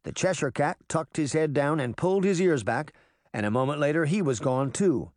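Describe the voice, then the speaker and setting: A man narrating a children's fantasy audiobook in a lively storytelling manner. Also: a little high, moderate pace, no echo, clean studio sound. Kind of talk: scripted narration.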